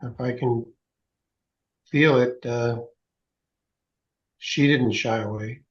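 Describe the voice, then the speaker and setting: A man hosting a video call, responding gently and encouragingly to a guest. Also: mid-range voice, fairly even intonation, slow. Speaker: host. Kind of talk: casual video call chat. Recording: dull lo-fi video call audio.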